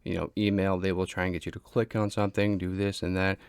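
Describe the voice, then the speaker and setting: A man's voice: sits low, level tone, fast talker, creaky, smooth, dry recording. A man hosting a casual explainer monologue, speaking plainly, repeating himself and restarting often. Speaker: crypto explainer host.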